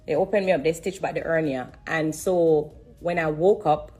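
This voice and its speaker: A woman giving an emotional testimony on a live stream, religious and repetitive, pausing to breathe and fight back tears. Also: deep voice, fairly even intonation, mellow, breathy edge, soft background music. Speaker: live streamer sharing her story.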